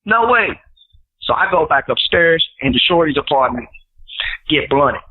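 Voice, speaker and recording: A man and guest rapper telling stories in casual chat, animated and acting out quotes in raised voices. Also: fairly high pitch, measured pace. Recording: tinny phone line.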